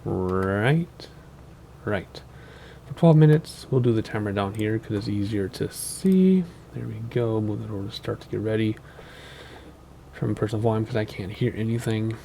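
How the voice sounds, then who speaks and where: A man's voice: on the low side, moderate pace, vocal fry, warm tone, a little hiss or hum. Tired, rambling man at gaming commentary. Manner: rambling, chatty, self-correcting with many ums. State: tired and sleep deprived. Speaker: flight sim gaming channel host. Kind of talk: casual gameplay commentary.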